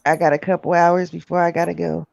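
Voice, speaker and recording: A person chatting casually on a livestream, relaxed and chuckling between remarks. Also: mid-range voice, moderate pace, vocal fry, no echo. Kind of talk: casual chat.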